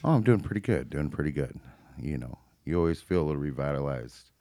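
A man's voice: very deep voice, lively intonation, fairly quick, dark tone, no echo, clean studio sound. A man hosting a casual podcast, joking around with friends and laughing often. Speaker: podcast host. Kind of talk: casual banter.

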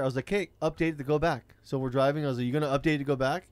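A man's voice: mid-range voice, racing, hardly any pauses, darkish tone, dry recording. A man, telling a rideshare-driving story in blunt, profane casual chat.

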